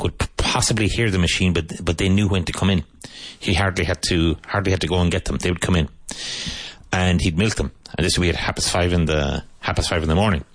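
A man's voice: deep voice, no room sound. A middle-aged Irish man from Cork with a Cork accent, rambling in a casual live-stream talk and often repeating phrases. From Ireland, Cork. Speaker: English teacher on a live stream.

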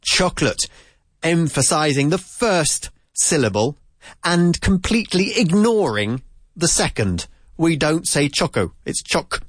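A man teaching vocabulary to Spanish speakers in a relaxed, chatty way, repeating words slowly to drill their pronunciation. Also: fairly high pitch, no room sound, clean studio sound. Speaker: English teacher. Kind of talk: casual language lesson.

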